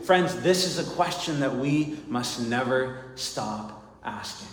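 A man preaching earnestly in a church, checking in with his listeners again and again. He talks slowly and deliberately in a medium voice. His words ring through a roomy hall with a long, trailing reverb. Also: medium pitch, expressive, slight background noise. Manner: earnest, repeats "right?" and "friends". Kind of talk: sermon.

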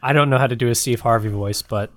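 A man's voice: medium pitch, fast talker, a bit bright. A man co-hosting a podcast brainstorm, who laughs often and leaves sentences unfinished. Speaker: podcast co-host. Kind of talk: casual brainstorming chat.

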